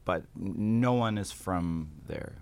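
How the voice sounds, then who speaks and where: A man with a deep voice sits in as a musician guest on a radio show. He talks in a laid-back way and answers with dry humor. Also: slow pace, vocal fry, a little mellow, clear, resonant tone, no room sound. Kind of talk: casual radio interview.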